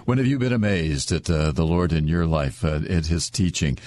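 A man's voice: low voice, normal speed. A man hosting a call-in radio show, introducing his guest and taking calls. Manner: steady, announcing calls and the phone number. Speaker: radio host.

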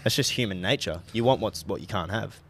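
A young adult podcast co-host with a lowish voice chats casually, speaking a little fast. He's laid-back, swears freely, and tends to trail off into fillers.

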